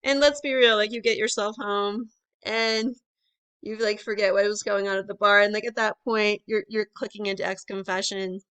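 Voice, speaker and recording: A woman's voice: medium pitch, flat delivery, moderate pace, fairly bright tone, clean tone. A young woman doing conversational stand-up comedy, chatty with lots of filler words and rising asides to the crowd.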